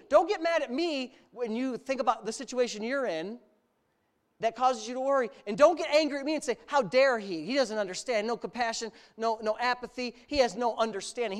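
A male pastor preaching a sermon, animated, building his points through long repeated lists. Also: very high-pitched, a little fast.

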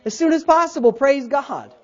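Animated storytelling pastor, muffled sound. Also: male voice, very high voice, normal speed. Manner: storytelling, animated swings from quiet asides to loud, laughing bursts. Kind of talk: sermon. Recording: dull lo-fi sound.

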